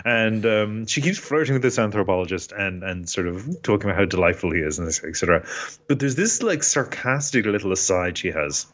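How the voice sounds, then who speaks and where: A man co-hosting a relaxed podcast chat, speaking in a slightly low voice. He is enthusiastic and laughs often, and he gets animated when he quotes lines. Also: fairly quick, dull audio. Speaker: podcast co-host. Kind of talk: casual chat.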